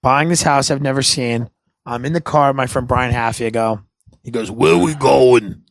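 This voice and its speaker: A man hosting a podcast, telling rambling stories in casual chat, animated and laughing, slipping into silly voices for his friends. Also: medium pitch, moderate pace, no echo. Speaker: podcast host.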